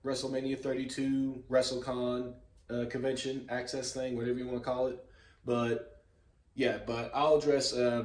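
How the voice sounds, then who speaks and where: Easygoing male vlogger, medium pitch, chatty and full of fillers, recorded in a reverberant room. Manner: rambling, relaxed, frequent fillers and chuckles. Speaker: YouTube host. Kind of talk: casual vlog storytelling. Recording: echoey room.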